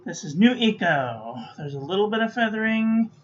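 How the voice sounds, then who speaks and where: A sleepy woman giving dry, low-key commentary while testing ink on paper. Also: lively intonation, normal speed, slight background noise. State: sleepy, yawning. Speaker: stationery reviewer. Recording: dull lo-fi recording.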